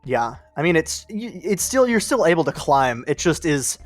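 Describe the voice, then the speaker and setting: A man narrating as game master of a tabletop role-playing game, relaxed, with frequent ums and laughing asides. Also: a little high, normal speed, soft background music.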